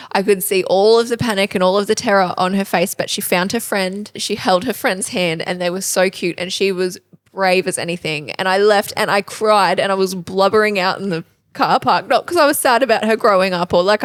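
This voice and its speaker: A woman's voice: mid-range voice, fairly quick, dry recording. A woman, co-hosting a parenting podcast in casual chat and laughing often. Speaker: podcast co-host.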